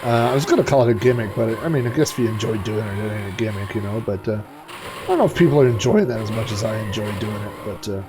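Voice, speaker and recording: A man's voice: fairly low pitch, fast talker, crowd noise. A middle-aged man streaming retro racing games, chatting in a rambling way and cracking dad jokes. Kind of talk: casual live-stream commentary.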